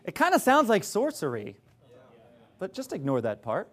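A male preacher delivers a sermon with sarcastic emphasis. His voice sits high and moves animatedly up and down. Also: wildly swooping pitch, moderate pace, pauses often, fairly bright tone.

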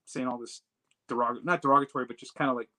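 A man telling a personal story in a casual, animated way, acting out the dialogue as he goes. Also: medium pitch, fast, rough recording. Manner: animated retelling that acts out quoted dialogue. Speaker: storyteller recounting a personal trip.

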